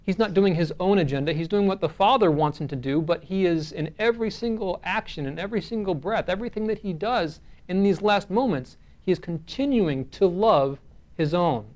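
A man's voice: high-pitched, expressive, brisk, darkish tone. A man pastor leading a Bible study, reading scripture aloud with emphasis and explaining it in a conversational way with frequent fillers.

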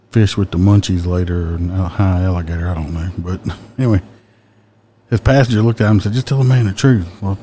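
A man, a police officer, tells his stories in a blunt, profane drawl. His voice sits low and mellow, and he keeps things casual. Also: a little hiss or hum. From American South. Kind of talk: casual storytelling.

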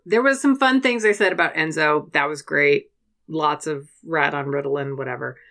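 A young adult woman co-hosting a podcast in casual chat, animated and sweary, laughing often. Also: sits low, normal speed. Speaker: podcast co-host.

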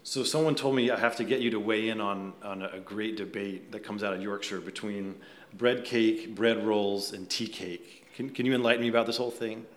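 A man's voice: on the low side, fairly even intonation, normal speed. A man interviewing a golfer, asking curious, friendly questions in a casual way. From United States. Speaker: interviewer, host.

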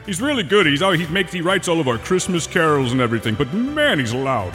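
A man's voice: a little high, very animated, fairly bright tone, pitched above the performer's own voice. Man playing a foul-mouthed, worn-out mall Santa. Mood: jolly. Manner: slow, drawn-out delivery with sudden profane asides. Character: crude, tired male mall Santa. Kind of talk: improvised comedy role-play. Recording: echoey, with faint music behind.

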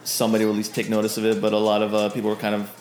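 A man's voice: lowish voice, completely flat delivery, very fast, a little mellow, echoey room. A man narrating a tabletop game as game master, loose and hesitant with many fillers.

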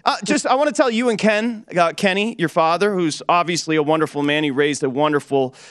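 A man from Detroit hosts a sports betting show, and his voice sits slightly high. The sound is close and dry, with no room around it. He teases his co-host in a wry, mock-solemn way. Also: a little fast, a bit bright, dry recording. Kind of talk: sports betting radio chat.

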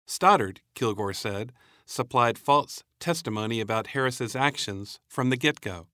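A man reading a scripted news narration in a measured, even way. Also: mid-range voice, no room sound, studio quality.

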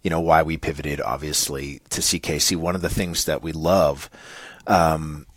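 A very low-voiced man with a New England accent talks through a podcast conversation. He is earnest and meandering, full of fillers and restarts. The sound is close and dry. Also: steady tone, moderate pace, no echo. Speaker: podcast co-host.

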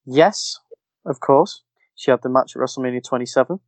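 A man's voice: medium pitch, a little fast, no room sound. A man co-hosting a casual podcast and running a quiz, easygoing and agreeable. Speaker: podcast co-host and quizmaster.

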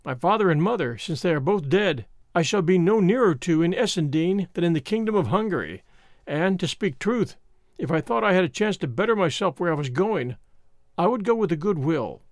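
Man, audiobook narrator, measured, formal, high animated voice. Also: no echo, clean studio sound.

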